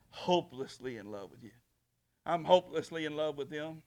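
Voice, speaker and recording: A man preaching a sermon as pastor in a church, emphatic, swinging from soft talk to shouting. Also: fairly high pitch, lively intonation, normal speed.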